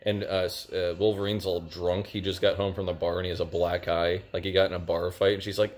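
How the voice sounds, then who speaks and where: A young man with a deep, low voice talks through a TV review in a loose, rambling way. He keeps reaching for "like" and "uh" as he goes. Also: level tone, fairly quick, hardly any pauses. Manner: rambling, lots of "like" and "uh". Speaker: TV show reviewer. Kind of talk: casual spoken review.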